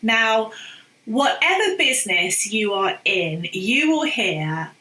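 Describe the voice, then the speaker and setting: A woman's voice: medium pitch, very animated, slow, sharp tone. A woman, an online teacher and business coach, talking casually to camera in a chatty, opinionated way. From England. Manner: chatty and opinionated, with asides and laughs. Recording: roomy echo.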